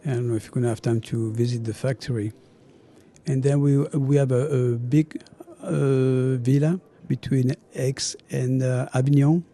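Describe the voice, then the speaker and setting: A middle-aged chef with a French accent talks in a very dark, mellow voice. He tells his stories with animation, acting out the people in them and laughing often. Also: medium pitch, normal speed. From France. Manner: animated storyteller, acts out dialogue, laughs often. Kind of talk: casual interview chat.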